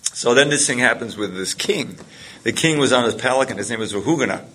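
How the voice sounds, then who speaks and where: A man's voice: mid-range voice, lively intonation, fairly quick, sharp tone, husky. A man telling a scripture story in a rambling way, with many restarts and chuckles. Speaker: spiritual teacher. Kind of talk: storytelling talk to a group.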